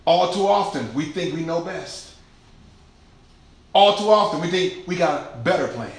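A man preaching a sermon in a church, lively and conversational, acting out quotes and laughing along with the congregation. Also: fairly high pitch, normal speed. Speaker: pastor. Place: large church sanctuary. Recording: echoey church room.

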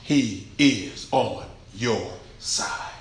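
A man's voice: lowish voice, very slow, gravelly. Echoey preaching man, emphatic and colloquial. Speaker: pastor. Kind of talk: sermon. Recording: very echoey hall, faint noise.

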